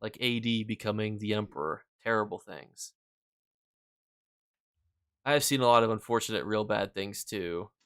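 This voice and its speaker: A man's voice: fairly low pitch, moderate pace, pauses often, a bit bright, clear, resonant tone, no room sound, clean studio sound. A young man streaming a game, telling rambling stories in casual chat and answering his viewers. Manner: rambling, filler-heavy storytelling; reads and answers chat while playing.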